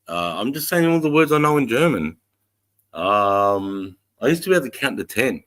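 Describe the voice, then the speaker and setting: A man's voice: medium pitch, sing-song, normal speed, a bit bright. A middle-aged Australian man hosting a casual livestream, greeting viewers in a laid-back, sweary way. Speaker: livestream host.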